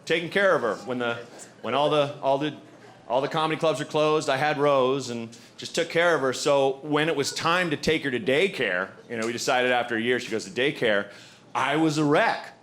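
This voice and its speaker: A man performing a stand-up set, telling animated stories and acting out other people's voices on a handheld stage mic. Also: mid-range voice, fairly quick. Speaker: stand-up comedian. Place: comedy stage with audience. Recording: live show with audible background noise.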